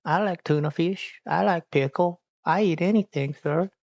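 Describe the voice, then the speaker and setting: A polite, hungry house cat begs for food in a high, pleading voice, as a man puts it on. The sound is dry and a little muffled. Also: moderate pace, vocal fry, a little mellow, no echo.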